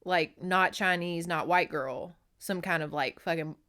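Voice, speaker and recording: A woman's voice: fairly low pitch, unhurried, a bit bright. A woman voicing an indignant young woman warrior from a romance novel, firing off wounded, huffy questions.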